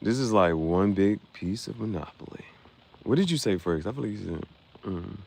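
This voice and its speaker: A man's voice: low-pitched, lively intonation, moderate pace, vocal fry, a little mellow, a little hiss or hum. A young man hosting a casual livestream, joking and reacting to viewers' comments with frequent laughter. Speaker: livestream host.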